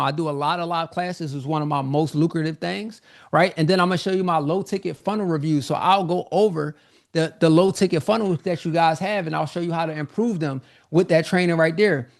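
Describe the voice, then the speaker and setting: Host for a live sales webinar: a man with a slightly raised, gravelly voice, energetic and repetitive, a bit winded. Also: a little high, a little fast. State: slightly out of breath. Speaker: online business coach hosting a live sales webinar.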